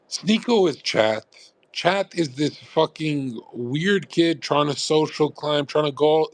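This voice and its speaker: A man's voice: fairly high pitch, dry recording. A man streaming live, ranting to his chat in a blunt, profane, rambling way. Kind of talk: casual livestream rant. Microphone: USB condenser mic.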